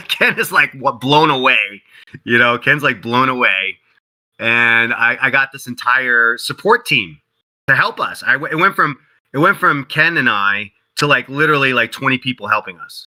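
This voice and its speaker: Bright-voiced, animated man telling stories. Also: moderate pace, low-quality recording. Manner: animated storyteller who acts out quotes in a higher voice; heavy use of "like" and "you know". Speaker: interview guest, game developer. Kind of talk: casual storytelling interview.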